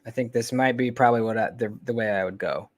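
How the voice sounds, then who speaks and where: A man hosting a casual livestream, talking in a relaxed, rambling way with frequent pauses, fillers and trailing-off remarks, close to a desk mic. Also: mid-range voice. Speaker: knife channel host.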